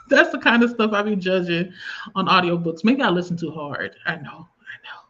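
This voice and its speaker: A woman's voice: lowish voice, expressive, normal speed, fairly bright tone, husky. A woman with a Southern US accent, hosting a casual livestream and chatting at length as she reads viewer comments aloud. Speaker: livestream host. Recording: slightly dull lo-fi stream audio.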